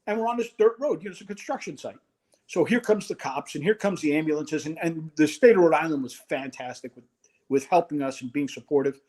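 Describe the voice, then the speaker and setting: Middle-aged ex football coach, husky voice, talks fast and acts out everyone in the story. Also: male voice, sits high. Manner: animated storyteller acting out quotes. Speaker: former college football head coach, guest. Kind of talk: casual storytelling interview.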